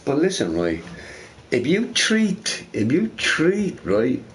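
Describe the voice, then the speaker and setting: A young man rambling casually while streaming a game, swearing freely and telling stories in an animated way. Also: a little high, slow pace, slight background noise. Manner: profane, rambling, animated storytelling. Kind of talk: casual rambling chat over gameplay.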